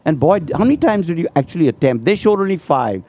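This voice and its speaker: Chatty male radio host, mellow tone. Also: on the high side, quick pace, dry recording. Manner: chatty, animated, retelling scenes. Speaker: radio talk show host. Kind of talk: radio talk show interview. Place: radio studio.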